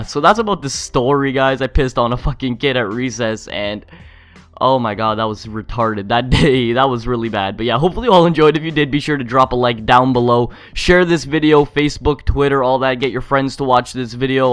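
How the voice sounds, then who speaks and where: A man's voice: medium pitch, brisk, a bit bright, clear, resonant tone, no room sound. A young man telling a story for his vlog, rambling, swearing often and filling his speech with "like". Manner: rambling, profane, filler-heavy. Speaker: YouTuber.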